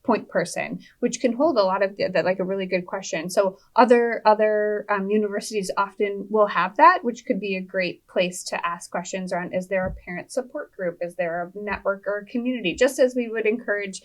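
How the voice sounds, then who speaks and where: A woman on a panel offers practical advice in a measured, helpful way, pausing on ums. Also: mid-range voice. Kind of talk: informative panel discussion.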